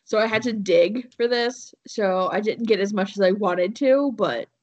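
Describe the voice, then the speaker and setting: A woman's voice: mid-range voice, moderate pace, darkish tone. Woman, podcast co-host, casual storytelling, rambling, dull lo-fi sound. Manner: rambling with many fillers and laughs. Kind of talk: casual chat, telling a story.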